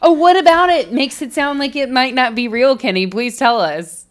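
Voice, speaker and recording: A woman's voice: high-pitched, moderate pace. A woman co-hosting a podcast in casual chat, sardonic and given to swearing. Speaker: podcast co-host.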